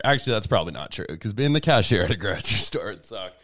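This co-host's lowish voice runs at a quick clip with hardly any pauses, picked up by a desk mic at home during casual podcast chat. He rambles through stories and animatedly mimics the people he quotes.

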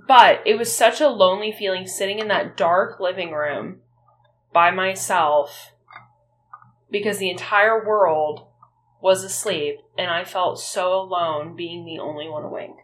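A woman's voice: on the low side, fairly bright tone. A woman co-hosting a podcast in casual chat, talking candidly and bluntly and swearing freely. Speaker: podcast co-host.

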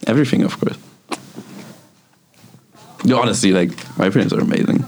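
A man's voice: lowish voice, a little fast, a little mellow, slight background noise. A young man chatting casually with friends in a laid-back way, laughing often. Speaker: podcast co-host. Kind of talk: casual chat among friends.

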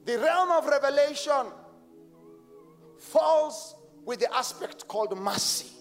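A man preaches with rising fervor, his very high voice pushing into shouts as he leads the congregation in responses. His words ring out with a long stadium echo. Soft music plays underneath. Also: expressive, takes it slowly. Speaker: pastor. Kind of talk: sermon. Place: large stadium crusade.

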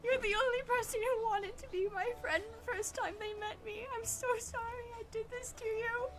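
A man's voice: very high-pitched, steady tone, normal speed, music in the background, pitched above the performer's own voice. A woman voicing a remorseful male wizard who pleads and apologizes in a tabletop game.

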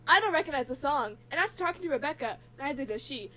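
A woman's voice: high-pitched, lively intonation, fast, a loud crowd. A woman reading aloud the lines of a casual, talkative young man from a story. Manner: read aloud from a story text.

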